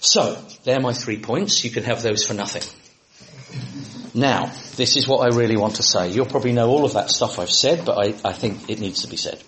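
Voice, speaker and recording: A British man preaching to fellow preachers in a lively, humorous way, sometimes shouting for comic effect. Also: mid-range voice, moderate pace, roomy sound, a little hiss or hum. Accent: British English. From Britain.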